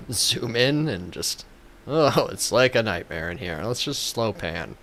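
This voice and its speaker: A man's voice: lowish voice, lively intonation, slow, fairly bright tone, slight background noise. A man giving comedic gameplay commentary as a gaming YouTuber, joking in a playful, mock-reverent way.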